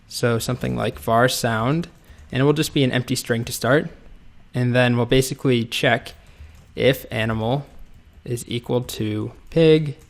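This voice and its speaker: A medium-pitched voice with vocal fry, at a measured pace, belongs to a coding instructor giving a screen-recorded tutorial. He types while explaining each step, keeping a relaxed tone.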